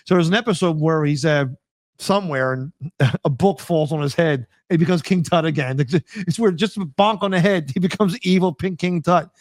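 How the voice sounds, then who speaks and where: A man co-hosting a casual chat, telling stories with lively acted-out bits. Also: on the high side, moderate pace, no room sound. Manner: animated storyteller, acts out scenes and sound effects. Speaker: podcast co-host.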